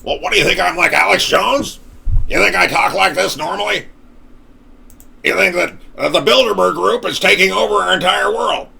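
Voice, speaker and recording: Man doing a blustering conspiracy host, paranoid, high, harsh and raspy. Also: normal speed, bright, forceful tone, exaggerated voice. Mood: mocking. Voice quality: raspy, gravelly.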